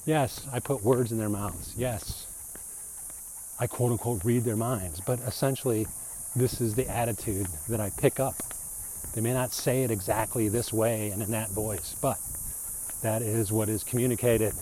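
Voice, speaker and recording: A man's voice: fairly low pitch, fairly even intonation, normal speed, dark tone, slight background noise. Rambling man talking on a walk. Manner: rambling, conversational, slips into mocking put-on voices when quoting others. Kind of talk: casual monologue on reading the Bible.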